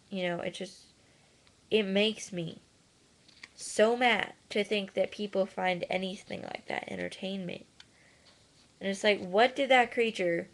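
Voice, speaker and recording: Woman vlogger, earnest and riled up, talks slowly, drops sarcastic jabs. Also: mid-range voice. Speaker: animal welfare vlogger. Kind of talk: casual webcam rant.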